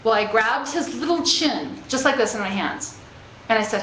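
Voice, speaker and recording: A spiritual speaker with a fairly high, lively, slightly bright voice gives an inspirational talk to a live group at a normal pace. She keeps it conversational, checking in with "okay?" and "right?" and laughing easily through her stories. The echoey room carries faint ambient noise.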